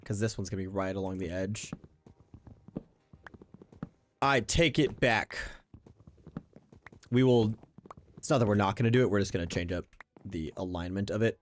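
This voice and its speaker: Speaking at normal speed in a lowish voice with frequent pauses, a man comments casually while streaming a survival game. He thinks aloud, often restarts his sentences, and faint game music plays in the background.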